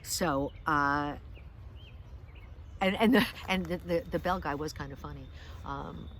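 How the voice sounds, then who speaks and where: With a deep voice and a measured pace, a middle-aged American woman, a comedian and vlogger, rambles through a self-deprecating story in a park for a casual vlog. There are many fillers and restarts, plus a little hiss or hum.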